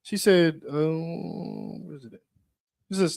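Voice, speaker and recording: A man in the group relaying questions from an online viewer, speaking softly in short replies. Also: on the high side, slow pace, vocal fry, no echo, clean studio sound.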